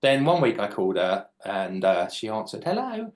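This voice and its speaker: A man's voice: low voice, moderate pace. A man, a children's author chatting and joking as he draws live for young readers. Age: late 40s. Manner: chatty, jokey, explains while drawing. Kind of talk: live drawing demonstration for children.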